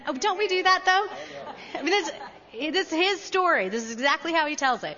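A woman preacher telling a story in a sermon, animated and laughing easily. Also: high-pitched, a little fast. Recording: dull, echoey hall recording.

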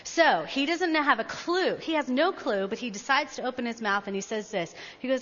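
A woman preacher telling a story in a sermon, animated and laughing easily. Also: sits high, moderate pace. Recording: dull, echoey hall recording.

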